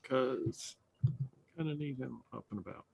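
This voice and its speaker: A man's voice: mid-range voice, a little slow, creaky, a little mellow, husky, no echo. A man playing a tabletop game, declaring his healing move casually. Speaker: player.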